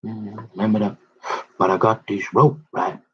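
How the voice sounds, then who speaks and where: The audio is dull with a little hiss or hum as a fairly low-pitched man in a level tone rambles through a long personal story. He addresses his listener directly, checking in with "right?" and "mm-hmm," and his storytelling is drawn-out, meandering, full of restarts.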